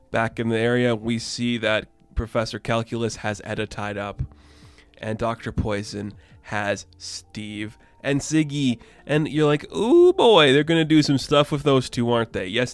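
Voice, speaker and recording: A man's voice: medium pitch, smooth, no echo. A young man giving a casual, enthusiastic and rambling video review as the channel host. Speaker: comic book reviewer.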